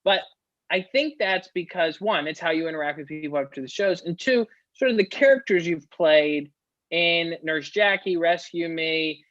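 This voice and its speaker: Dull-sounding, higher-voiced host. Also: male voice, normal speed, fairly bright tone, dry recording. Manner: rambling questions with fillers. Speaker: podcast host. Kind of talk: interviewer asking questions.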